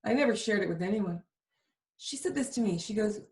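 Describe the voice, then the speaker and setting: A woman's voice: medium pitch, lively intonation, a little fast, gravelly, a little mellow. Woman host spilling a personal story, lots of feeling, roomy echo on the mic. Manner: emotional, vivid confessional storytelling. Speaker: show host. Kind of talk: candid storytelling chat.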